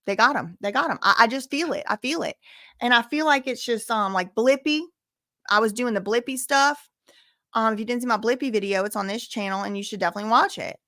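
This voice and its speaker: A woman host chatting on a livestream, her voice pitched a bit high and caught close and dry on the microphone. She talks expressively, exclaims, scolds her viewers and repeats her words for emphasis. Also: a little fast, pushed and bright, no echo. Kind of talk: casual livestream commentary, reading chat.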